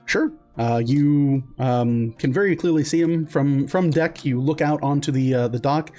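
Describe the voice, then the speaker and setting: A man's voice: mid-range voice, unhurried, mellow, faint music behind. A man narrating as game master of a tabletop game, casual with lots of fillers and restarts.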